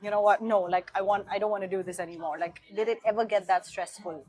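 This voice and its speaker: A woman's voice: medium pitch, steady tone, fast talker, darkish tone, no room sound. A woman interviewer asking questions in a friendly, casual way and backing her guest up with short affirmations. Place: restaurant comedy club.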